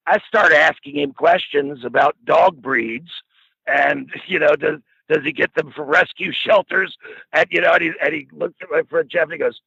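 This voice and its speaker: A man's voice: a little high, normal speed, gravelly, sharp tone, husky, no echo. A middle-aged man telling a rambling, profane anecdote in a casual way, often laughing as he goes. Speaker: storyteller guest. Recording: dull lo-fi dry recording.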